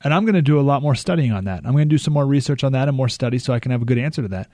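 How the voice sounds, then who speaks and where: Hosting a call-in radio talk show from a studio, a man speaks rapid-fire in a mellow, medium-pitched voice with no echo. He's conversational, restarts often, and jokes with dry sarcasm.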